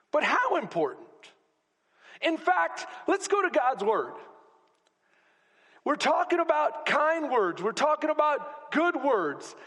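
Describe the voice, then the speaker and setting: A man preaching a sermon as pastor to a congregation, swinging between loud exclamations and hushed asides. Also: extremely high pitch. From Texas. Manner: preaching with rising shouts and sudden quiet drops. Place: church sanctuary. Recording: long hall reverb.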